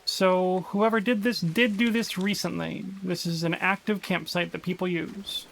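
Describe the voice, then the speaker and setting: High-voiced man streaming a game. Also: moderate pace, a little hiss or hum, rough recording. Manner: animated and chatty, reads journal entries dramatically. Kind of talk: live let's-play commentary, reading in-game journals aloud.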